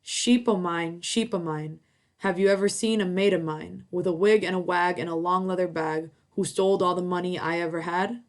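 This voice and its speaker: A woman's voice: fairly low pitch, steady tone, normal speed, close to an everyday voice. A woman voicing an old witch guarding her gold, with a sing-song chant.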